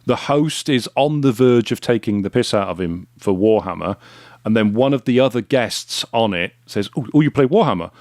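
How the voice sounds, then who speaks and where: Low-voiced podcast host, dry. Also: male voice, moderate pace, darkish tone, no room sound. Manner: chatty storyteller, frequent agreeing murmurs. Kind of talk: casual conversational interview.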